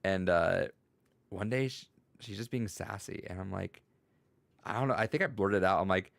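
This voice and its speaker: A man's voice: deep voice, normal speed, vocal fry, no echo. A man hosting a casual podcast, telling rambling classroom stories as a teacher, laughing often and using many fillers. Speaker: podcast host and school teacher.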